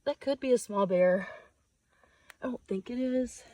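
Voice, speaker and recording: A woman's voice: fairly high pitch, mellow, dry recording, poor audio. A woman vlogging solo on a wooded trail, chatty and rambling, out of breath as she hikes and talks into a handheld camera. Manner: chatty, rambling, quick to laugh. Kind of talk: casual vlog monologue.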